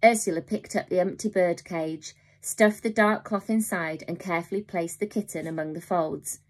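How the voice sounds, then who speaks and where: Lady teacher reading a kids' novel aloud, calm, kinda low voice. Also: normal speed. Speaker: primary school teacher.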